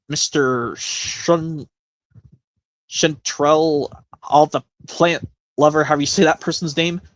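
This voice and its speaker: Male streamer, casual and rambling, fairly high voice, dry and close. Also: a bit bright, no room sound. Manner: rambling, many self-corrections. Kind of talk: casual live-stream chat.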